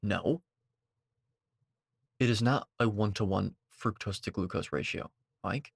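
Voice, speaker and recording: A man commenting on a video, lecturing and sarcastic, with sudden high-pitched outbursts. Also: measured pace, vocal fry, pauses often, slightly rough.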